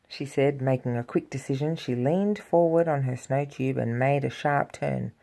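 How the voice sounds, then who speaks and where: A woman reading a children's storybook aloud to a child, with lively, expressive delivery and spoken sound effects. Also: a bass voice, moderate pace, vocal fry, few pauses.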